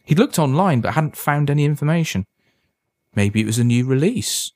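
A man narrating a story in an even, steady reading voice. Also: on the high side, moderate pace, no echo.

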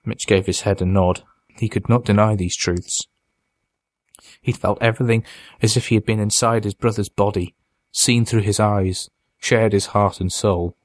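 Man, horror audiobook narrator, measured and dramatic, low voice, dry close-miked sound. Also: no echo.

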